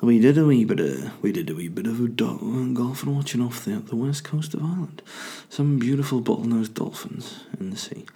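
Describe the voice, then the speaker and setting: A man's voice: medium pitch, expressive, moderate pace, warm tone. A young man telling a casual, jokey, rambling story to camera. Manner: rambling, jokey, self-mocking. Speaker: vlogger.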